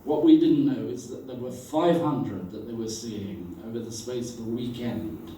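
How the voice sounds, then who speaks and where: A man giving a storytelling tribute about an old friend, animated and acting out the voices he quotes. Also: medium pitch, moderate pace, a little hiss or hum. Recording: very echoey room, voice from far off.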